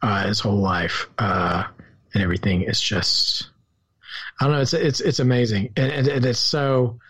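Earnest, halting Southern man. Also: medium pitch, fairly even intonation, fairly bright tone, slightly rough. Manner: halting, many restarts, earnest. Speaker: podcast co-host. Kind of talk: casual film discussion.

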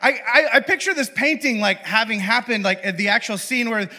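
A young man with a high, bright voice preaches casually and playfully. He often stops and restarts his sentences, and he tosses in jokes as he goes. The tone is relaxed and conversational. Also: a little fast. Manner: chatty, self-interrupting, playful. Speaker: pastor. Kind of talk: casual humorous sermon.

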